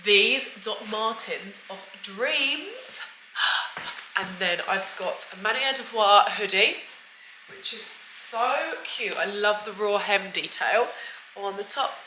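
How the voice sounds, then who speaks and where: A woman's voice: mid-range voice, lively intonation, slow, pushed and bright, a little hiss or hum, poor audio. A woman chatting casually to camera at home as a beauty vlogger, effusive and chatty, sounding a little stuffy. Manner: chatty and effusive, frequent "like" and "guys". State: slightly stuffy, bunged up. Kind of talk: casual vlog chat to camera. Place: at home, indoors.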